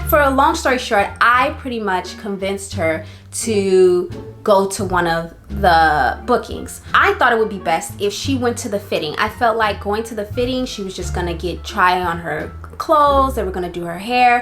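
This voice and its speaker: A young woman casually telling a personal story for her vlog, chatty and animated, with many fillers. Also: medium pitch. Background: faint background music.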